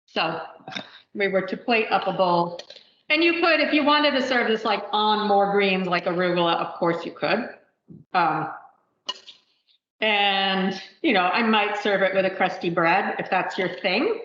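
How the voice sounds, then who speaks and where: A woman's voice: mid-range voice, unhurried, fairly bright tone, slight background noise. A woman teaching a live cooking demonstration, chatting and thinking aloud with plenty of fillers. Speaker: cooking instructor. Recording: roomy, dull lo-fi livestream audio.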